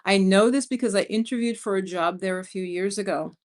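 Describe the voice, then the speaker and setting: A woman's voice: medium pitch, brisk. A woman, hosting a casual livestream, chatting and laughing as she reads viewer comments. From New York City. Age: 50s. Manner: chatty, animated storyteller who laughs often. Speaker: vlogger and livestream host. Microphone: streaming mic.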